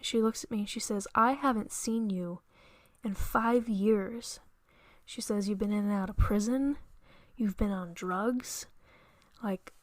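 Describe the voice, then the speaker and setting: A young woman hosting a podcast, telling a frightening dream in an earnest, halting way with many restarts. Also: on the high side, no echo. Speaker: podcast host. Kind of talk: storytelling monologue.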